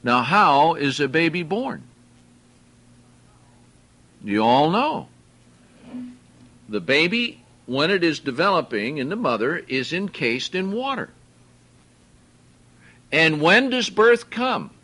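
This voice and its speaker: A man preaching a sermon, teaching verse by verse in a slow, deliberate way and putting questions to his listeners. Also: on the high side, very animated, sharp tone. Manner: slow, deliberate, explains Greek words and asks the listeners questions.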